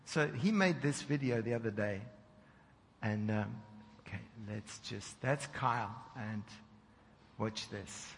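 A preacher telling a story in a sermon, animated as he acts out the dialogue. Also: lowish voice, slow pace, vocal fry. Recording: reverberant hall with faint noise.

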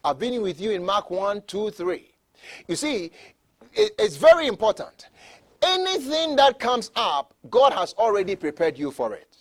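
A man with a high voice preaches in a lively, swooping way. He repeats words for emphasis and pushes up to shouted peaks, then drops back. His delivery is that of a pastor working the congregation. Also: measured pace. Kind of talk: sermon.

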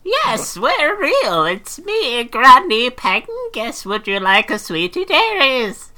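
A woman voicing Granny Pengus, a very old woman offering sweets, in a high, slow voice. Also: huge pitch swings, bright, forceful tone, heavily acted.

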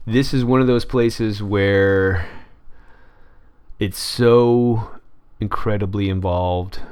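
A man's voice: low-pitched, darkish tone, no room sound. A man hosting his own show, reading news headlines aloud and adding offhand, wry remarks, with many fillers and restarts. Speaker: podcast host reading headlines. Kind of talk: casual news commentary.

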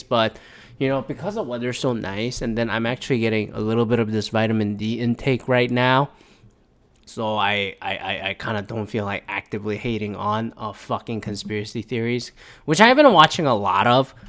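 A man's voice: mid-range voice, fairly bright tone. A man hosting his own show alone from home, talking in a loose, rambling and heavily profane way. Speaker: podcast host. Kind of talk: casual solo monologue. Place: at home indoors.

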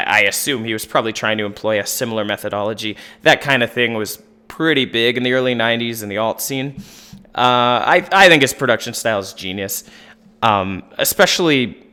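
A man on a podcast panel, chatting casually about an album in a relaxed, rambling way with lots of fillers. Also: medium pitch, clean tone. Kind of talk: casual album review chat.

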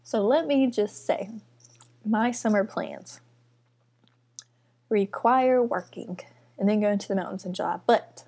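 Mellow-voiced young woman, chatty and nervous. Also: mid-range voice. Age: young adult. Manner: chatty and rambling, many fillers, nervous and excited. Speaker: podcast host. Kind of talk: casual solo podcast chat. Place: student apartment. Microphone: computer mic.

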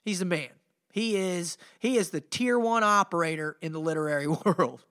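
A middle-aged motivational speaker who hosts a podcast tells a story in a clear, resonant, slightly bright voice that sits high. He speaks at a moderate pace, fired up and slangy, saying "man" again and again.

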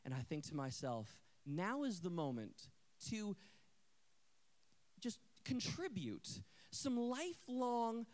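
High-voiced man preaching a lively sermon. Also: slow pace, pauses often. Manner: dramatic storytelling, swings from hushed to loud. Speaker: pastor.

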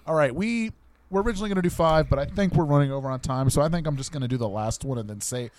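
A man's voice: rapid-fire, a little mellow. A man co-hosting a comedy podcast, talking in a loose, rambling way. He spins silly invented movie plots, stopping often for ums and little asides. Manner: rambling, pitching absurd made-up movie plots. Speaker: podcast co-host; teacher. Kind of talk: casual comedic chat.

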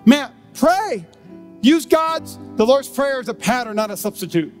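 High-voiced preacher guy pleading with the church, big echoey hall, soft music under him. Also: animated, moderate pace. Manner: emphatic, pleading, many "man" fillers. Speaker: pastor. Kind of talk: sermon. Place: church sanctuary.

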